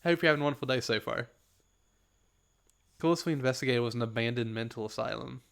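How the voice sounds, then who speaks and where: A man's voice: mid-range voice, fast talker, gravelly, a bit bright, clear, resonant tone. A man from the Southern United States chatting casually on a gaming livestream, rambling, answering chat and laughing often.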